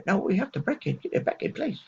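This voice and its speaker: A shrill, excitable male doctor who keeps repeating himself, put on by a man. He talks much higher than a normal man. The gravelly, husky edge of the voice comes through on a dull, lo-fi recording. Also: fast talker, exaggerated voice. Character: fussy male hospital doctor, high and excitable.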